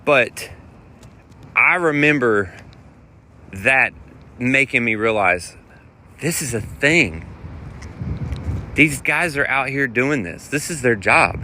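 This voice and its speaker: A man, a touring guitar player, telling road stories in a rambling, animated way while walking outdoors. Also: medium pitch, slow pace, long pauses. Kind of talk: casual vlog storytelling. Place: outdoors on city streets. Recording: outdoor street noise and wind.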